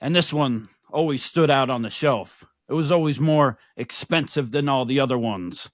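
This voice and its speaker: A man's voice: mid-range voice, normal speed, no room sound, clean studio sound. A man co-hosting a podcast, telling stories in casual chat, joking and crude. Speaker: podcast co-host.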